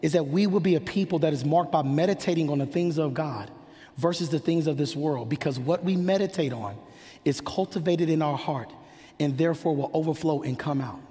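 A man with a high voice preaches with fervent, rhythmic drive, building phrase on phrase. His words ring out through a church hall with a long, lingering reverb. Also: warm tone. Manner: impassioned, rhythmic preaching cadence. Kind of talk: sermon. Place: church sanctuary.

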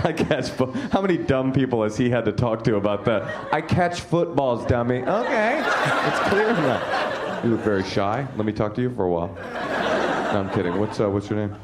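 Heavy background noise surrounds a man doing stand-up crowd work, his mid-range voice brisk and brash. He laughs at his own jokes and throws in lively impressions of the people he quotes.

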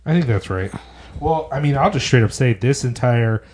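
A man co-hosting a casual film podcast with a dark, mellow tone. He speaks frankly and a little haltingly, restarting his words. His voice sits at a middle pitch. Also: expressive, slightly rough. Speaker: podcast co-host.

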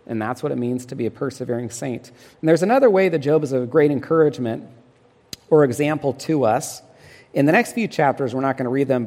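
A man's voice: mid-range voice, darkish tone, big-room sound. A man preaching a sermon in an earnest, emphatic way, often asking his listeners rhetorical questions. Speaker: pastor.

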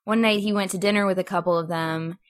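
A woman's voice: fairly even intonation, quick pace. A woman telling a story as a podcast guest, chatty and loose, with lots of fillers. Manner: chatty, full of fillers, acts out quotes with raised pitch. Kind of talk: casual storytelling.

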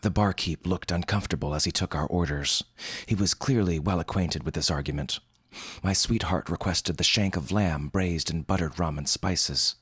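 A man's voice: low voice, normal speed, fairly bright tone, husky, dry recording, studio quality. A man narrating a humorous fantasy story in a wry, formal storytelling manner. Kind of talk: scripted fiction narration.

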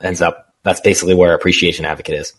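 A man with a very low, deep voice speaks as a guest on an interview show. He tells his story candidly, in a relaxed conversational way, and he laughs easily. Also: rapid-fire, husky. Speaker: guest, small business founder.

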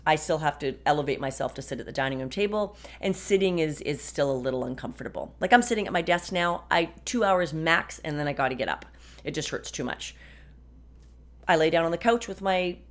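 Chatty, frank woman in her fifties. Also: low-pitched. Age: 50s. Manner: frank and chatty, with wry sarcasm. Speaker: podcast host. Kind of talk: casual personal monologue. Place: home office, at a desk.

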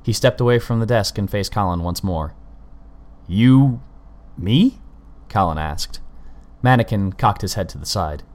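Casting: deep-voiced male audiobook narrator, measured and steady. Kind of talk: scripted narration of a story.

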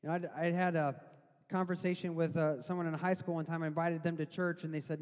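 A man with a notably high voice delivers a sermon. He talks in a loose, conversational way, then slows down and builds to loud, emphatic lines. His voice rings out with a long reverb from the hall. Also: little pitch movement. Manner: conversational preaching that swells to loud, slow emphatic quotes. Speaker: preacher.

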